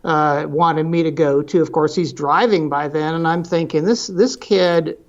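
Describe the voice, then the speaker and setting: A man's voice: a little high, level tone, normal speed, lo-fi sound. A middle-aged man, a parenting expert, telling earnest stories in a podcast interview and often repeating words for emphasis.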